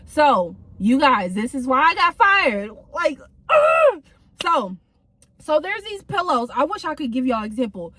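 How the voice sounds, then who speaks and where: A young woman with a slightly high voice tells a story in a chatty, slangy way, packed with fillers. She talks casually to her viewers while sitting in her car. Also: very animated, normal speed, bright, forceful tone, dry recording. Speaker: vlogger.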